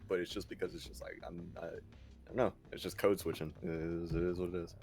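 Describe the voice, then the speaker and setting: A man from Virginia talks quickly in a casual chat. His voice sits very low, and his rapid, loose talk runs on fillers. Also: very animated, gravelly, a little mellow, soft background music.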